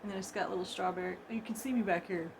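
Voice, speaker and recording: A woman chatting casually to her viewers from a room at home as she unboxes a gift, excitable and gushing, laughing often and repeating herself. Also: medium pitch, quick pace, vocal fry, background noise. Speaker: vlogger opening a gift box.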